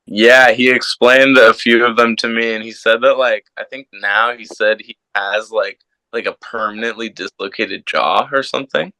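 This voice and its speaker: A man's voice: medium pitch, steady tone, normal speed, pushed and bright, dry recording, poor audio. A young man in casual chat, talking in an easygoing way full of fillers.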